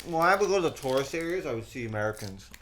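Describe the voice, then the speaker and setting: A young man in loose, joking banter with his co-host. He rambles easily through anecdotes, and his voice sits at a middle pitch. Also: expressive, racing, fairly bright tone, a little hiss or hum. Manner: laid-back, rambling storyteller. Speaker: comedy podcast co-host. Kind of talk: casual banter.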